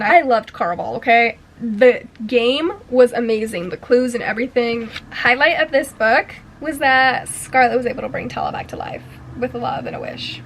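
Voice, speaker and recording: A woman's voice: on the high side, a bit bright, slight background noise, poor audio. A young woman giving a casual book review in a gushing, slangy, profane way. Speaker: book vlogger.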